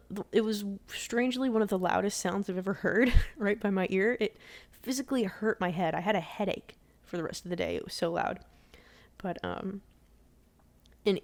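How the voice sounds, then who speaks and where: A young woman talks casually from her bed while she plays a game for her vlog. She tells a rambling story, restarting her sentences and slipping into the voices of the people she quotes. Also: medium pitch. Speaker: gaming vlogger. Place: in bed at home.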